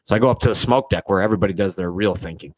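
A man's voice: low voice, rapid-fire, dry recording, muffled recording. A young man telling a rambling, profane story in casual chat, acting out the people he quotes.

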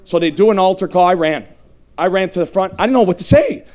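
A man in his thirties giving an emphatic, humorous testimony sermon, shouting at the high points. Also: animated, fast. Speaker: evangelist. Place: revival tent.

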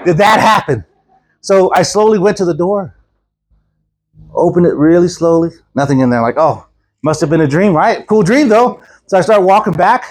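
A man with a voice that sits high preaches a storytelling sermon at a moderate pace. He's animated, acting out the voices in his story and laughing often with the congregation.

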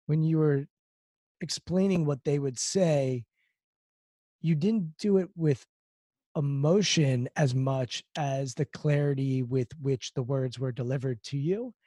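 A man's voice: fairly high pitch, warm tone, no echo, studio quality. A man hosting an interview, thoughtful and searching for words as he asks questions, who works with athletes. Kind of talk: interview conversation.

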